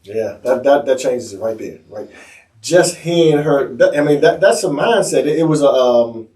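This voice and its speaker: Mellow-voiced male interviewer in a roomy space. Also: mid-range voice, lively intonation, moderate pace, far from the mic. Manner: encouraging, frequent short affirmations. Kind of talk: casual interview.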